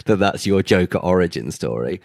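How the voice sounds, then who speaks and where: A man with a deep, low voice chats on a podcast, recorded close and dry. He tells his stories animatedly and gets indignant, with the odd swear word. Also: brisk, vocal fry, no room sound. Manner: animated storyteller, swears, rises in pitch when indignant. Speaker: podcast co-host. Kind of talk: casual banter.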